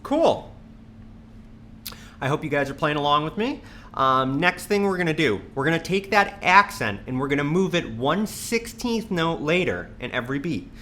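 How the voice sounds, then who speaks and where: A man teaching a drum lesson, patiently counting sixteenth notes aloud and stressing slow, accurate practice. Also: a little hiss or hum. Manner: patient, repeats counts in a low steady voice. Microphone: studio mic on a stand near the kit.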